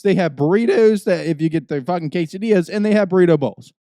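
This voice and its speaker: A young man, a podcast host, telling a profane, ranting story in casual chat, swinging between low mutters and loud outbursts. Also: quick pace, dry recording.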